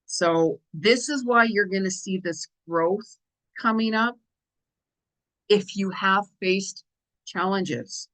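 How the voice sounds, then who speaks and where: A woman's voice: mid-range voice, slow pace, fairly bright tone, low-quality recording. A middle-aged woman hosting an astrology and tarot show, talking casually with lots of repetition and "you know" and "right?" fillers, a little tired from lost sleep. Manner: chatty, repeats phrases, frequent "you know" and "right?". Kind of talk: casual spiritual monologue.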